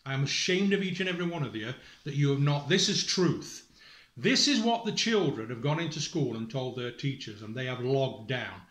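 A man's voice: mid-range voice, animated, moderate pace, fairly bright tone, reverberant. A distressed man speaking straight to his family as a father. He is angry and accusing, swears, breaks off his sentences and reads aloud from a school report. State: distressed and emotional. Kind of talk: emotional direct-to-camera appeal, reading from a school report.

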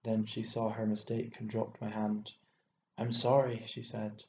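A man narrates a literary short story in a steady, measured way. His voice is gravelly and dark, with little rise and fall. The recording is dull and lo-fi, with an echoey room sound. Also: fairly low pitch, a little hiss or hum. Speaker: audiobook narrator.

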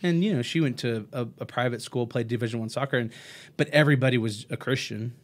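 A man's voice: medium pitch, fast. A man hosting a podcast interview, asking friendly, rambling questions and laughing along. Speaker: podcast host. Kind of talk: casual interview chat.

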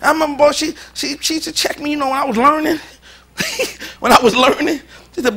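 A man's voice: very high-pitched, brisk, sharp tone. A pastor preaching a sermon in a joking, informal way, often laughing as he talks. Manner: informal, colloquial speech.

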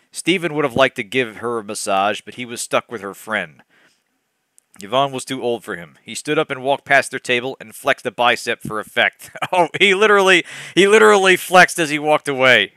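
Guy streaming a read-through of a terrible book, keeps cracking up, bright tone, dry mic. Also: medium pitch, expressive, moderate pace, dry recording. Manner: laughing, exasperated commentary. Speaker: let's play host reading a bad novel. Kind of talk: comedic reading aloud with asides to chat.

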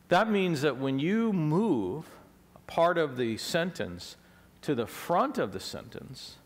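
A man's voice: mid-range voice, long reverb tail. A man preaching a teaching sermon to a congregation, explaining things step by step and asking them questions. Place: church sanctuary.

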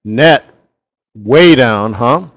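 A man's voice: mid-range voice, animated, very slow, poor audio. A middle-aged man hosting a casual live trading webinar, talking in a rambling, chatty way with asides about his screen tools. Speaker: forex market strategist hosting a live webinar.

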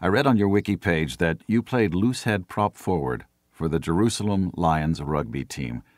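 A male interviewer with a very low, deep voice asks measured, prepared questions. The sound is dry and close, with no room around it. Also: animated, dry recording.

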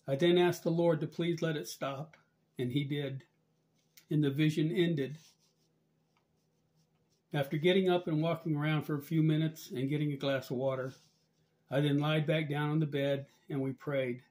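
Man slowly reading a vision account. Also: on the high side, steady tone, darkish tone. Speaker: religious channel narrator.

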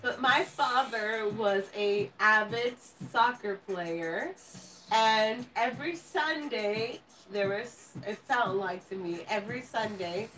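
Slow-talking woman, a bit off-mic. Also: mid-range voice, a bit bright, distant mic, soft background music, poor audio. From California. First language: Spanish. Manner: rambling, giggly, self-teasing. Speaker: host. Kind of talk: casual live-stream chat.

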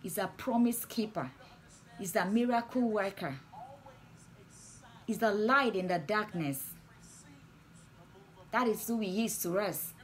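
A woman leads a livestream sermon and prayer, her mid-range voice somewhat slow and broken by frequent pauses. Soft music plays behind her fervent, repetitive declarations.

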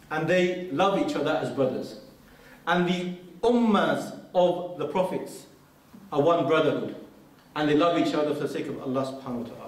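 A man giving an earnest mosque lecture, telling a story and reciting Arabic quotations. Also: a little high. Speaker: preacher. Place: large mosque hall. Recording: very echoey hall, speaker far from mic.

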